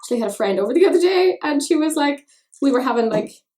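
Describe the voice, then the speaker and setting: A woman's voice: sits high, animated, quick pace, mellow. A young Irish woman chatting casually while doing her makeup, rambling and poking fun at herself. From Ireland. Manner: chatty, self-mocking, rambling asides. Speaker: makeup vlogger.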